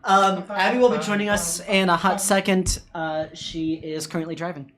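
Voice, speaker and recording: A woman player at a tabletop game, talking in a dry, offhand way with a fairly low voice. Clear chatter from other people runs behind her. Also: fairly even intonation, normal speed. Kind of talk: casual chat at a tabletop game.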